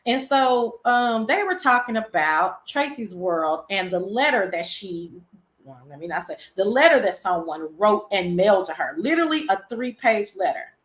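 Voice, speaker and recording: A woman hosting her own show, telling gossip in a casual, animated, profane and sassy way. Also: mid-range voice, normal speed, roomy sound. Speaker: show host.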